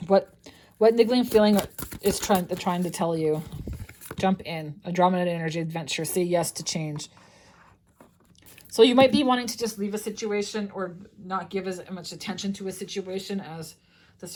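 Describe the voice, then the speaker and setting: A woman's voice: on the low side, moderate pace, darkish tone, slight background noise. A young woman giving a casual tarot reading, chatty and loose, swearing freely and restarting her sentences often. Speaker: tarot reader.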